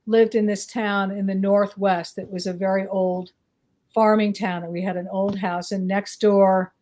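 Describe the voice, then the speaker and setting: A woman's voice: medium pitch, little pitch movement, a little slow, warm tone. A woman chatting casually as a guest, rambling and hesitant, with many fillers. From northeastern United States. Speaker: psychic guest. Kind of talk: casual chat.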